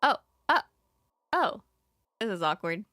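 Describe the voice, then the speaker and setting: A woman's voice: medium pitch, big pitch swings, slow, pushed and bright, dry recording, clean studio sound. A young woman streaming a horror game, chatting casually and getting flustered, laughing often. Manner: giggly, flustered, talks to the game. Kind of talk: casual let's-play commentary.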